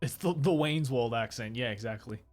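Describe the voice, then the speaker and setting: A man's voice: medium pitch, normal speed, a little mellow, faint music behind. A young Australian man streaming in a studio, chatting casually and animatedly. He swears often and laughs a lot. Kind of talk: casual chat. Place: studio, indoors.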